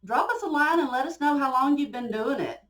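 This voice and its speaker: A woman's voice: sits high, expressive, fairly quick, a bit bright, recorded from a distance. A woman with a strong Alabama Southern drawl, a guest chatting playfully while learning a craft. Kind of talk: casual chat.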